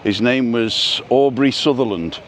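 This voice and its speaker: A man's voice: medium pitch, unhurried, fairly bright tone. A middle-aged man from North Manchester with an ordinary mid-range voice, joking and reminiscing as he strolls. Faint street sounds sit behind his chat. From North Manchester, England. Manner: jokey, rambling reminiscences. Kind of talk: casual chat while walking. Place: outdoors on a town street. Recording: faint outdoor street noise.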